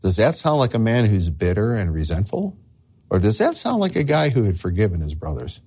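A man preaching a sermon as a pastor, animated, acting out the voices of the figures in his story. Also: lowish voice, brisk, breathy edge. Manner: animated, acts out voices of the figures he tells about.

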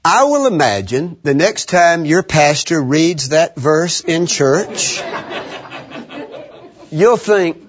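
A man preaching to young people, leading call-and-response and slowly repeating phrases for emphasis, with high laughing shouts now and then. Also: very animated, a little hiss or hum. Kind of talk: lively teaching sermon. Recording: dull lo-fi recording.

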